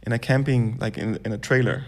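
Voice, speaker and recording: A young man, a guest on a casual podcast, who tells his stories in a relaxed way and swears offhandedly. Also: mid-range voice, quick pace.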